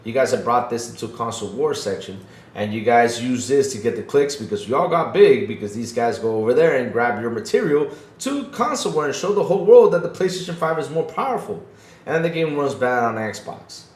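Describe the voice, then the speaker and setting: A man's voice: medium pitch, lively intonation, a little fast, a little mellow. A man co-hosting a podcast, giving casual gaming commentary in an emphatic, ranting way that repeats his points. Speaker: podcast co-host. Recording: echoey room with faint background noise.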